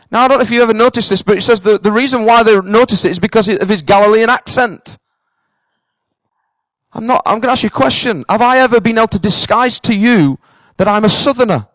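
In a high, fairly bright voice, a pastor from northern England with a matching accent preaches to his congregation at a church in Cambridge, earnest and direct, repeating himself for emphasis. The recording is dry and rough.

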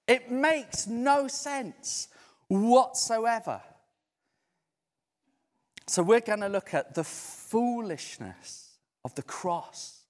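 A man preaching a conversational sermon in a church hall, lively and emphatic. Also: high-pitched. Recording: echoey hall.

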